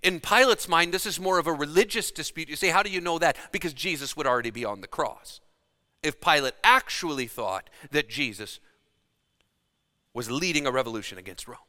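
Male preacher, bright forceful voice, dramatic dynamics, sermon in a church with a long hall echo. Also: on the high side, expressive, brisk. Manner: dramatic, shifts between loud emphasis and hushed delivery. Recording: long reverb of a large hall.

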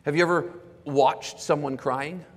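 An earnest male pastor preaching to his congregation, his voice pitched a little high for a man. He explains carefully and drops to a soft repeat on the words he wants to land. The sound carries the long reverb of a church hall. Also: steady tone, unhurried. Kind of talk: sermon. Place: church sanctuary.

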